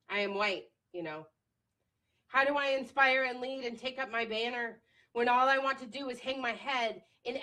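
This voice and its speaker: A woman reciting her own slam poetry with forceful, impassioned delivery, then talking to viewers on a live stream. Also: on the high side, poor audio. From United States. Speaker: speaker and trainer. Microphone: computer or phone live stream.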